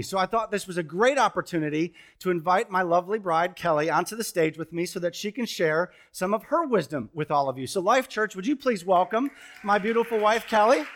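Animated high-voiced pastor telling stories. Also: male voice. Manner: animated, joking storyteller with sudden loud bursts. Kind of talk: sermon with storytelling. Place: church stage before a congregation.

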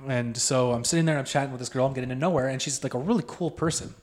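A man's voice: medium pitch, a little mellow. A young man co-hosting a podcast, telling a rambling story full of "like" and quoting the people he talked to. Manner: fast, rambling, heavy on "like". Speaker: podcast co-host. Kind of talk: casual storytelling chat.

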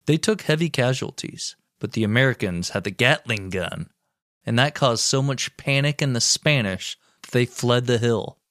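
A man co-hosting a podcast, reading a history story aloud with wry, deadpan asides. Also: medium pitch, normal speed, no echo, studio quality. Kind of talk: reading history narration with jokes.

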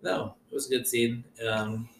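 A man's voice: mid-range voice, fairly even intonation, moderate pace, vocal fry, fairly bright tone. A man co-hosting a casual podcast chat, rambling loosely and swearing freely as he recaps the story. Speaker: podcast co-host. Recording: roomy echo with faint noise.

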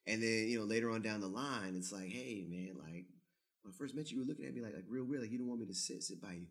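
A man's voice: on the low side, quick pace, fairly bright tone. An American man talking in a loose, profane way, often asking "you know what I'm saying?". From United States. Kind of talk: casual chat.

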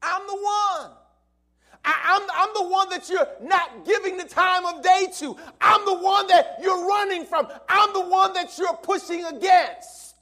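A man preaching a sermon, voicing Jesus with impassioned, booming, repeated cries. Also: unhurried, exaggerated voice. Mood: thundering. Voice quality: booming shouted voice. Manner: impassioned, repeated urgent questions. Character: Jesus, a grown man, thundering and pleading.

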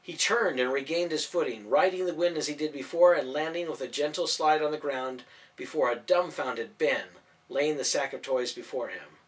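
A man narrating a storybook in expressive audiobook style. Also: fairly high pitch, normal speed. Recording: voice from a distance off mic.

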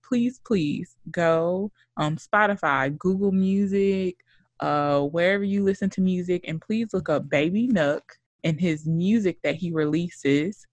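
A woman co-hosting a podcast in casual chat, animated, swearing and laughing often. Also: fairly low pitch, no room sound. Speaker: podcast co-host.

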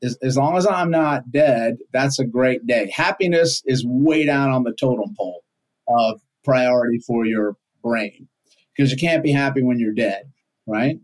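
On a podcast, a man with a medium-pitched voice talks unhurriedly, explaining ideas casually with everyday examples and frequent rhetorical questions.

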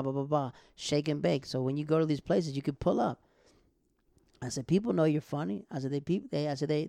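A young man, a stand-up comic telling stories in a casual chat, animated, laughing often and acting out what people said. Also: a little high, creaky, no room sound, studio quality. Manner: animated, quick bursts, laughs often, acts out quotes. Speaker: stand-up comic and podcast host.

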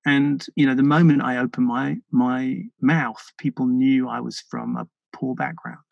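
British man with a gravelly, dry voice. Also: medium pitch, little pitch movement, no echo, dull audio. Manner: earnest, thoughtful, halting with many restarts. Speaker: podcast guest. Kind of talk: reflective interview conversation.

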